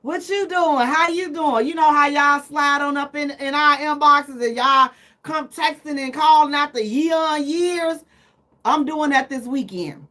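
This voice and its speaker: A woman's voice: high voice, a little slow, bright, forceful tone. A middle-aged woman hosting a live radio talk show, telling teasing, self-mocking stories in a casual chat.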